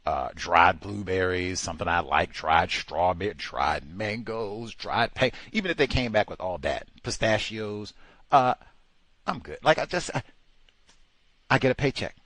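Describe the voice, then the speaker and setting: A man hosting a talk radio show, talking in a sarcastic, exasperated and animated way. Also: sits low, measured pace, no echo. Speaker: radio host. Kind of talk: casual talk radio commentary.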